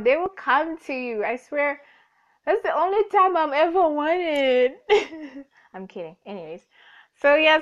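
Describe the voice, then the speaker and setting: A young woman hosts a casual, rambling podcast monologue. She self-corrects, jokes and laughs often. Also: medium pitch. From Namibia. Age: young adult. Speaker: podcast host. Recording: dull lo-fi recording.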